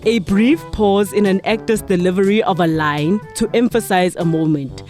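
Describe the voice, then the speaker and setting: A woman's voice: mid-range voice, normal speed, a little mellow, soft background music. A woman hosting a podcast quiz, reading questions in casual chat, teasing the players and laughing often. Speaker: podcast host running a quiz.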